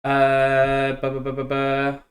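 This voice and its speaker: A man's voice: medium pitch, monotone, takes it slowly. A man streaming a tabletop wargame, chatting casually and playfully with many hesitant fillers. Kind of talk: casual chat while playing a tabletop wargame.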